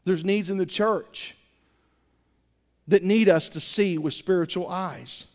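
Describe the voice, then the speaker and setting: A male pastor preaching a sermon, animated, repeating words as he builds to his points. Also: high voice, slow pace. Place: church sanctuary. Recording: reverberant church sanctuary.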